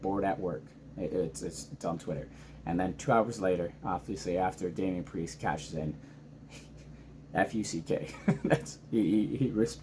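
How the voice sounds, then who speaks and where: A married man casually recapping wrestling, excited and rambling with many ums and restarts. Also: lowish voice, a little hiss or hum. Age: adult, married father. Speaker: wrestling reaction vlogger. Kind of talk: casual reaction vlog.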